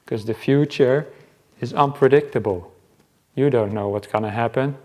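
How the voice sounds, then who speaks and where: A Buddhist monk gives an unhurried talk at a meditation retreat. His voice sits at an ordinary middle pitch for a man. He speaks in a casual, easygoing way, with halting pauses and frequent soft chuckles. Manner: relaxed and conversational, chuckles often.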